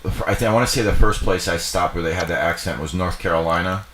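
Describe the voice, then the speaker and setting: A man's voice: deep voice, fast, a bit bright, a little hiss or hum. A young man co-hosting a livestream, chatting casually in a rambling way full of fillers and swearing. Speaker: livestream co-host. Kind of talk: casual chat. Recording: echoey room.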